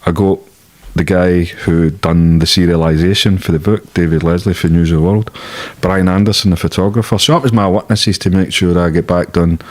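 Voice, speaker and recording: Low-voiced Scottish man telling blunt stories. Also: fairly even intonation, fairly quick, hardly any pauses. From Scotland. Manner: blunt, swearing freely, laughing at his own stories. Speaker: interview guest. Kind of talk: casual storytelling interview.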